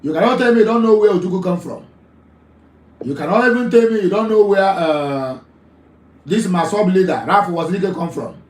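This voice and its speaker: A man's voice: high voice, a little fast, reverberant, rough recording. A Nigerian man hosting a live call-in talk show, emphatic, often repeating his phrases.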